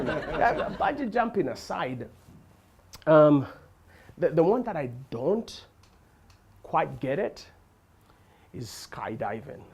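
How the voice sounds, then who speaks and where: A male stand-up comedian from Africa, telling animated stories and laughing along on stage. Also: on the high side. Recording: live crowd and noise. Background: audience laughter.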